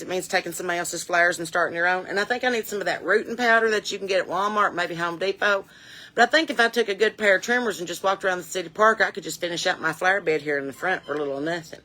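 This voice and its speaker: A woman's voice: medium pitch, pushed and bright. A woman giving a chatty, folksy, rambling comic monologue to camera, outdoors on her porch. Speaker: comedian and musician.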